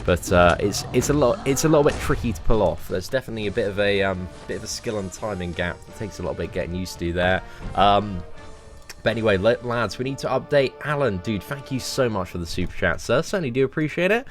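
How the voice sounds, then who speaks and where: A young man giving casual, animated commentary on a game live stream, full of slang and talking to his viewers as mates. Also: lowish voice, fast talker, soft background music. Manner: animated and chatty, heavy slang, calls viewers mate and lads.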